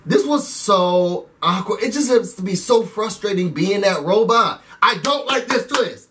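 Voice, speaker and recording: A high-pitched man rants casually through a reality TV recap. He is animated and keeps calling his viewers y'all. His voice sits a little back from the microphone. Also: unhurried, few pauses, recorded from a distance. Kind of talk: casual recap rant to camera.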